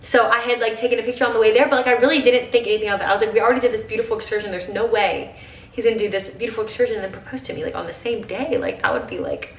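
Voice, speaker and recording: A woman's voice: a little high, rapid-fire, echoey room, recorded from a distance, slight background noise. A young woman in her twenties chatting while getting ready, gushing and saying "like" constantly, teary at times. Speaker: vlogger. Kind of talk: get-ready-with-me chat.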